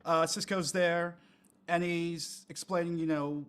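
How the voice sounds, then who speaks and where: Man, game master, fairly high voice, halting delivery, lots of ums. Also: fairly even intonation, a bit bright, clear, resonant tone. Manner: hesitant, many fillers. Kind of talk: narrating a tabletop game.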